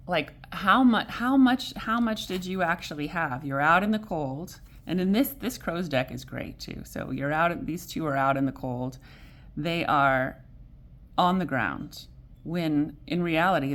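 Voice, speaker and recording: A woman with a notably low voice reads tarot cards for the week in a loose, chatty way. She wanders, restarts her sentences and laughs lightly, but keeps a gentle, encouraging tone throughout. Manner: rambling, self-correcting, often laughs. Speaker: tarot reader. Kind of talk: casual weekly tarot reading.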